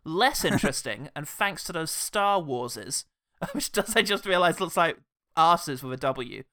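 A man's voice: on the high side, measured pace, dry recording, studio quality. A man co-hosting a casual comedic film review podcast, joking and laughing often. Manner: joking, giggly, with animated voice swings. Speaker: podcast co-host.

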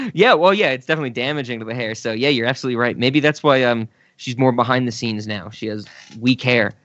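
A man's voice: mid-range voice, animated, a little fast, pushed and bright, no room sound. A man co-hosts a podcast in easygoing conversation, laughing often and slipping into quoted voices. His voice sits in a middle range. The recording is slightly dull and dry, with no room sound. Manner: laughs a lot, acts out quotes. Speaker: podcast co-host. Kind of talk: casual chat.

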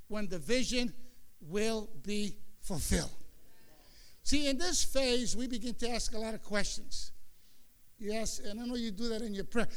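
A male pastor preaching a sermon in an emphatic style, sometimes rising into shouts. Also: very high-pitched, expressive, normal speed, clean tone.

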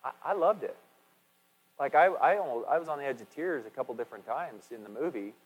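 Male pastor, chatty sermon, mid-pitched voice, long reverb of a church hall. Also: lively intonation, brisk, slightly rough, dull audio. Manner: chatty, asks the congregation questions, restarts often. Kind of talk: conversational sermon. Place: church sanctuary.

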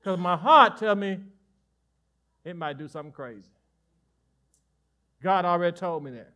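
High, bright-voiced preacher. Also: male voice, moderate pace. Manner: animated preaching with sudden drops to soft asides; folksy, joking with the congregation. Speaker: pastor. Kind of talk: sermon.

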